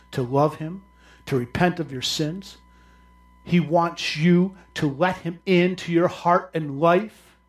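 A man with a high-pitched voice preaches with passion. His delivery climbs into loud, raised cries, then drops to low, quiet asides. It sounds like a heartfelt weekly church message. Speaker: pastor. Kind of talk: sermon.

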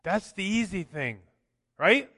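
A man's voice: high-pitched, very animated, slow, sharp tone, dry recording, studio quality, long reverb tail. A man preaching a sermon as pastor, conversational, often tossing in "right?" and acting out quotes. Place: church sanctuary.

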